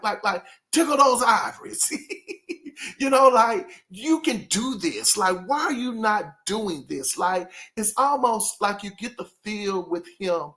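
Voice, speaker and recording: A host giving casual, animated opinions in a vlog, rambling with many fillers and a lilt. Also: medium pitch. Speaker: music commentary host.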